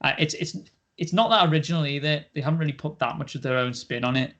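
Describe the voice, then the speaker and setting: Young man, podcast co-host, loose rambling delivery, slightly high voice. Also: quick pace, a bit bright, lo-fi sound. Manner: rambling, laughs often, many fillers. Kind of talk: casual chat.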